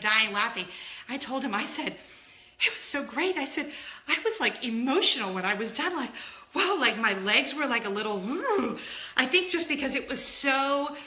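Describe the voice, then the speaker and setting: Recorded in an echoey room, a woman with a voice on the high side tells a story in a casual vlog. She gushes, laughs often, and acts out loud gasps.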